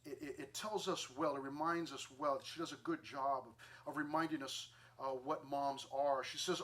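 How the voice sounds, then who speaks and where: A man's voice: fairly high pitch, fairly even intonation, normal speed, few pauses, a bit bright. A male pastor preaching a sermon, telling a scripture story with acted-out lines and sound effects, then reading scripture and a poem aloud. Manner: reads scripture and poetry aloud.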